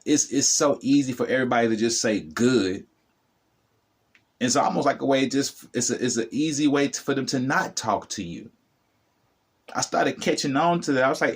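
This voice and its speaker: A man's voice: mid-range voice, moderate pace, slightly rough. A middle-aged man giving a motivational talk to the camera as a spiritual vlogger, preachy and repetitive, addressing the viewer directly.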